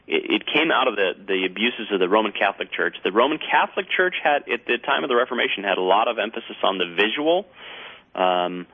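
A male radio guest explaining at length over the phone, pausing often with fillers and restarts. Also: fairly low pitch. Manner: halting, many fillers and restarts while explaining. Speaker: guest researcher on a radio show. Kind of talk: radio talk show. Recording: tinny phone line.

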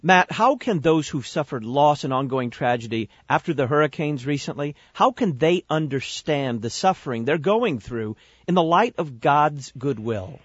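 Radio show host with a muffled sound. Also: male voice, on the high side, animated, no echo. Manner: clear, measured announcer delivery. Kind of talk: radio talk show hosting and ad reads.

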